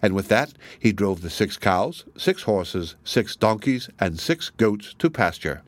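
A man narrating an old folk tale aloud in a lively storybook reading. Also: fairly low pitch, a little slow, dry recording.

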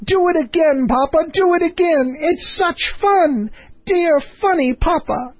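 A man voicing a carefree teenage princess in a storybook reading, speaking in a high, gleeful, childlike way. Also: very animated, slow, slightly rough, no echo, full character voice. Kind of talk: audiobook character voice. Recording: dry, slightly dull recording.

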